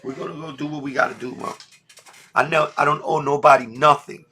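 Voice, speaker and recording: A man's voice: fairly high pitch, fairly even intonation, a little fast, pushed and bright, husky. Blunt New man on a livestream. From New York. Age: middle-aged. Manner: blunt, repetitive street slang. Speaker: livestream host. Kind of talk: emotional casual livestream talk.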